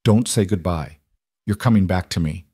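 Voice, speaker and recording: A man's voice: sits low, moderate pace, warm tone, husky, no echo, studio quality. A man voicing a fierce young woman in love in a cowboy storybook who speaks urgently.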